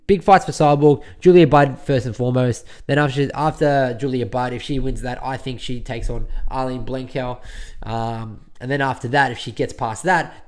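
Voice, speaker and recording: A man's voice: mid-range voice, darkish tone. Male solo podcast host, chatty and rambling, ranting commentary with lots of restarts. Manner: rambling, repeats words, ranting.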